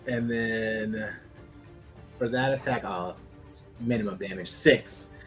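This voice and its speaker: A man playing a tabletop game, calling his rolls in a relaxed, matter-of-fact way. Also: fairly low pitch, slow, faint music behind. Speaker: player. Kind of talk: casual tabletop play.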